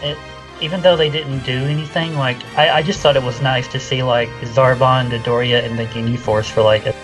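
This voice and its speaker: A man's voice: medium pitch, fairly even intonation, brisk, over music, rough recording. A man co-hosting a podcast, chatting about a film in an easygoing way. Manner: easygoing, laughs often. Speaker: podcast co-host. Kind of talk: casual film discussion.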